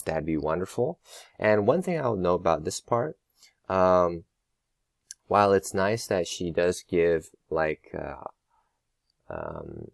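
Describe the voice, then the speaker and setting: Deep-voiced man teaching a lesson. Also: darkish tone, no echo. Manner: patient, explanatory, many ums and rhetorical questions. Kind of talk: recorded lesson walkthrough.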